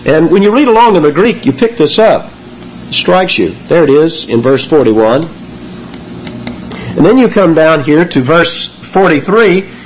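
A man preaching a sermon, explaining scripture verse by verse and rising in pitch and force on key words. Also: big pitch swings, a little slow, dull audio, slight background noise. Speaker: pastor.

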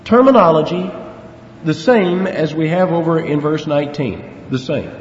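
With lively intonation and a slightly high voice at a moderate pace, a preacher works through a Bible passage, earnestly emphasizing words and asking rhetorical questions. The recording sounds dull and lo-fi, carrying faint hiss and the echo of a hall.

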